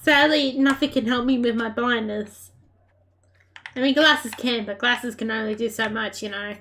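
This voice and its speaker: A woman narrates her own game as she plays, excitable and quick to laugh, throwing playful taunts at her opponents. Her voice sits a little on the high side. Faint keyboard clicks tick away in the background. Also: slight background noise. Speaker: gaming creator. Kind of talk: live gameplay commentary.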